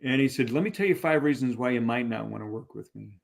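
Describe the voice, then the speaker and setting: Middle-aged male guest, chatty storyteller, animated, mid-pitched. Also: fast, gravelly. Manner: animated, many fillers and restarts. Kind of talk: conversational storytelling.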